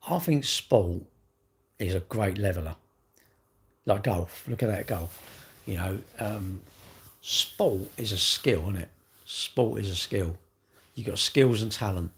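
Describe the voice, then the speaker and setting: A middle-aged English man chatting casually on his own livestream, rambling and full of tag questions. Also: medium pitch. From England. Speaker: livestream host.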